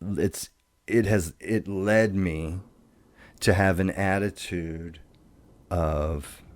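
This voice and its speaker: A middle-aged man telling his life story in casual talk, profane and rambling, with halting restarts. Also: low voice, fairly even intonation, no echo, studio quality.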